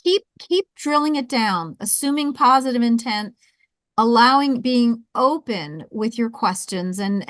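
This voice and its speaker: Animated South Jersey woman coaching. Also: fairly high pitch, no room sound. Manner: animated, repeats words when restarting. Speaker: webinar host and intercultural coach. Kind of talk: conversational webinar coaching.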